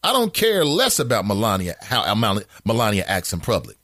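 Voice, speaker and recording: A man hosts a casual call-in show, reading listener messages and answering them with incredulous asides. His pitch swings widely when he gets worked up. The sound is dry and close, with no room around it. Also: moderate pace, dry recording. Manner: animated, incredulous asides with laughs; reads comments aloud in a flatter tone. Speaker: talk show host reading listener comments.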